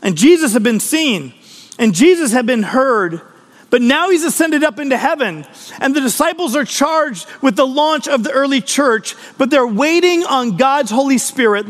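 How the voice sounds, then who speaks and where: A man's voice: very high-pitched, fairly bright tone, long reverb tail. A man giving a conversational podcast sermon as a pastor, earnest and personal, often restarting his sentences.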